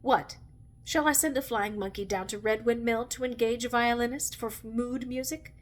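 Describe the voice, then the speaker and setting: Picture a stern, sharp-tongued witch from a storybook read aloud, her words clipped and dry, as a woman puts her on. She sits a touch high in pitch and answers in short, sardonic bursts. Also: fairly even intonation, moderate pace, slight background noise, natural voice. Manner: curt, sardonic.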